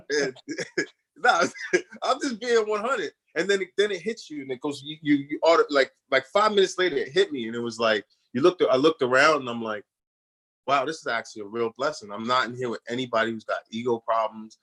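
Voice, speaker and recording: Animated slangy man telling stories. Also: medium pitch, fairly quick. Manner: animated storyteller, acts out others' voices in quotes; slangy, repeats "you know what I'm saying". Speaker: guest actor on a radio show. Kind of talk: casual storytelling interview.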